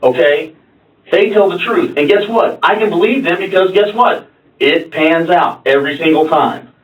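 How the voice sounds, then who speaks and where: A man's voice: fairly high pitch, moderate pace. Blunt, confrontational male detective. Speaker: police detective. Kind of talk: interrogation. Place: interrogation room. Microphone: room camera from afar. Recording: muffled echoey room from far off.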